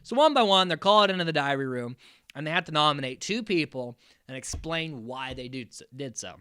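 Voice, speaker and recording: A man from the United States, his voice on the high side and a little fast, hosts a podcast recapping a reality show in a relaxed chat. The tone is clean and the studio sound has no echo. He's animated, performing cast quotes, swearing casually and using many fillers.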